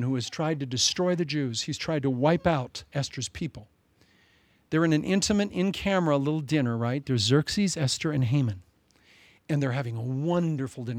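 A male pastor preaching a sermon with animated, dramatic storytelling. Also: medium pitch, dry recording.

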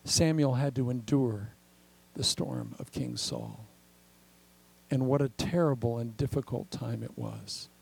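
An older man preaching a sermon as pastor, animated and acting out the voices he quotes. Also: mid-range voice, unhurried, vocal fry, breathy edge, rough recording.

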